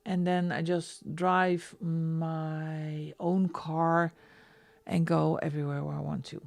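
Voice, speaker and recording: A woman's voice: low voice, level tone, takes it slowly, creaky, a little mellow. A Dutch woman with a Dutch accent chatting casually with her viewers while she colours on a live stream, often laughing. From Netherlands. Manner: chatty, laughs often, reads chat aloud.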